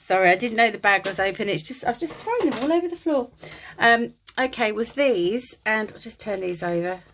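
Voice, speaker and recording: A woman's voice: fairly high pitch, animated, normal speed, fairly bright tone, a little hiss or hum. A woman vlogging about her crafts, chatty and apologetic with many ums, tired and a bit out of breath, filmed on a phone at home. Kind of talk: casual chat to camera. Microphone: phone on a holder.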